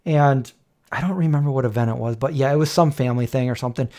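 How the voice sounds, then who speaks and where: A man's voice: medium pitch, quick pace, mellow. A middle-aged man hosting a casual livestream chat, rambling and joking as he tells stories. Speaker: host.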